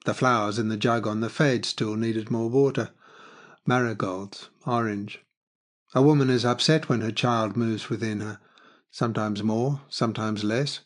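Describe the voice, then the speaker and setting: A man narrating a literary audiobook in a measured, expressive reading. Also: lowish voice.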